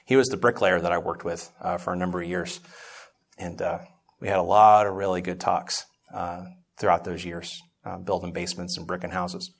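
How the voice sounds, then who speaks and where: A man's voice: low-pitched, steady tone, normal speed, gravelly. Man preaching, building to fervor. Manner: conversational storytelling that grows impassioned, with frequent restarts. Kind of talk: sermon-style Bible teaching.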